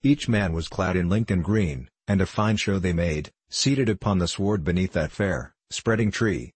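A man narrating an old-fashioned storybook tale in a steady storytelling voice. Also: low voice, normal speed, slightly rough, dry recording.

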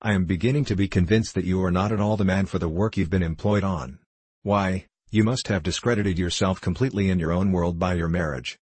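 A guttural, scheming diplomat sneers and mocks in a deep, low voice, as a man reads him aloud. His tone stays condescending and sly, with a husky edge. The audiobook recording is dry and close. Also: fairly even intonation, brisk, a little mellow, no echo. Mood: mocking. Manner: mocking, condescending. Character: scheming, contemptuous male foreign diplomat. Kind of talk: audiobook character reading.

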